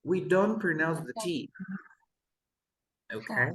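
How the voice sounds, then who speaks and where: A man's voice: fairly high pitch, lively intonation, fairly bright tone. Patient male English teacher in an echoey room. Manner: patient, models words slowly and repeats them. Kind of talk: one-to-one pronunciation lesson.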